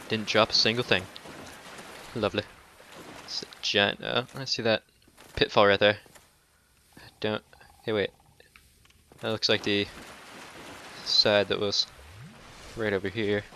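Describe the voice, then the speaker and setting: A man doing casual let's-play commentary, cursing and taunting enemies, dropping to mutters and then breaking into loud outbursts. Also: on the low side, little pitch movement, slow, pauses often, a little hiss or hum. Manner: profane, talks back to enemies, swings between mutters and outbursts. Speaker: gameplay commentator.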